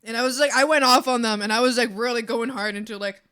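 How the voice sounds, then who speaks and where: A woman's voice: a little high, steady tone, fast talker, fairly bright tone. A woman art streamer chatting casually with her viewers, telling stories with frequent laughter and acting out the people in them. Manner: laughs often, acts out the other side in her stories. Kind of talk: casual chat while drawing on stream.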